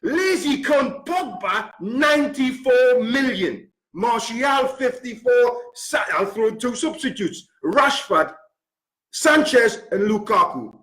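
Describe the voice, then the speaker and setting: A man's voice: very high-pitched, expressive, slow, a bit bright. A man, ranting furiously about his football club, swearing and hammering the same figures again and again. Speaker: football fan pundit. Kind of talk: angry football rant. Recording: roomy echo.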